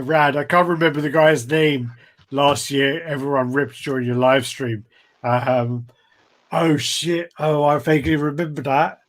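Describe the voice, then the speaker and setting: A man co-hosting a casual podcast chat, telling rambling stories and laughing as he talks. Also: on the high side. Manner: rambling storyteller, laughs a lot. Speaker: podcast co-host.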